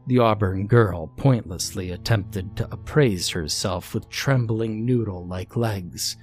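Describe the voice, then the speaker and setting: A man narrating a scary story in a slow, deliberate, ominous scripted reading. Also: fairly low pitch, soft background music.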